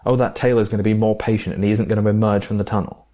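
A man with a fairly low voice chats about films with a friend, enthusiastic and a little rambling. He often stops to rethink a sentence, with plenty of "um" and "like", and keeps the tone easygoing. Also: little pitch movement, racing, dark tone. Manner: enthusiastic, thinks aloud with fillers and restarts. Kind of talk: casual film discussion.

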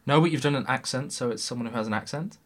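A man's voice: medium pitch, rapid-fire. A young man co-hosting a casual film discussion, earnest and enthusiastic as he explains what he enjoyed. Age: young adult. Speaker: podcast co-host.

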